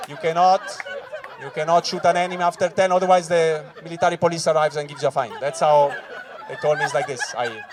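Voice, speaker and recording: A man with a Swiss Italian accent doing stand-up comedy, who swears and acts out voices with loud punchlines. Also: on the high side, steady tone, fast talker. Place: corporate event room with live audience. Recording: live crowd audible. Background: audience laughing.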